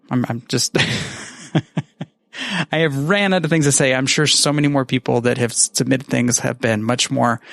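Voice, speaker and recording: Gravelly man rambling a casual message. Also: medium pitch, fairly bright tone, no echo. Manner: rambling, self-mocking, swears freely. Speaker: podcaster sending a message.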